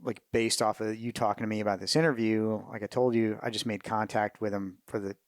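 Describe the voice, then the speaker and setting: A middle-aged man speaking in a casual interview, telling stories in a candid, profane way and often stopping to restart his thoughts. His voice sits low, and the sound is dry and close. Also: level tone, a little fast, dry recording. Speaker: retired Marine officer guest.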